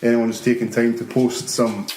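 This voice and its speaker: A man's voice: medium pitch, moderate pace, noisy background. Sweary Scottish man telling stories. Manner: swears freely, lively storyteller. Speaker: podcast host. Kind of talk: casual chat. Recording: roomy room echo.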